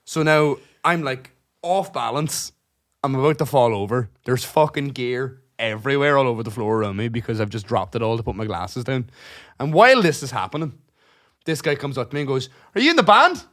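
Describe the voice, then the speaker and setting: A man, co-hosting a casual podcast and telling an animated story full of swearing. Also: medium pitch, a little fast. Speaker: podcast co-host. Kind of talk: casual chat.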